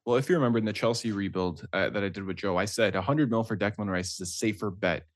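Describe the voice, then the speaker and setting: A man with a fairly low voice makes his arguments in a relaxed football podcast chat. He builds each point step by step and keeps tagging "right?" onto his sentences. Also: quick pace. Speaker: podcast co-host.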